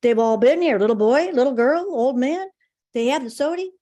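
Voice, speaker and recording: A woman's voice: high-pitched, lively intonation, normal speed, dark tone, pitched above the performer's own voice. A woman doing a bewildered country shopkeeper. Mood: puzzled. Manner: bewildered, rambling. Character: puzzled old country shopkeeper, man.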